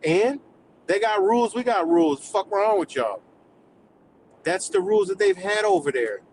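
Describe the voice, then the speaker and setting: A man's voice: high-pitched, animated, normal speed, darkish tone, slight background noise, poor audio. A man from the United States on a live stream, delivering a heated, profane, rambling rant.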